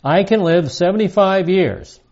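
An older man in his seventies gives a verse-by-verse Bible teaching, leaning hard on the key phrases. His voice sits a little high for a man, and the recording is dull and lo-fi. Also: a little slow, a little mellow. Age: 70s. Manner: emphatic, stresses key phrases.

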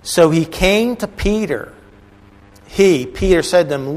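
A man's voice: sits high, expressive, slow pace. Man teaching a bible class. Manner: conversational, asides to the audience.

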